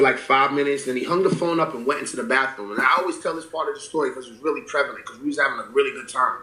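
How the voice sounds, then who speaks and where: Guy in his 40s spinning stories in an interview, swears a lot, does everyone's lines, slightly high voice, echoey room. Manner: animated storyteller, profane, acts out quotes. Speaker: rapper guest. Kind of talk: casual storytelling interview. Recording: roomy echo.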